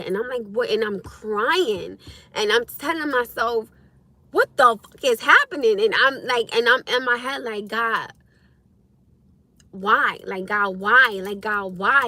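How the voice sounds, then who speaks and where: A young woman hosting a casual livestream, telling stories to her viewers in a lively, expressive way with frequent laughs. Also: mid-range voice. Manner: animated storytelling, laughs often, acts out her own past speech. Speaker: livestream host.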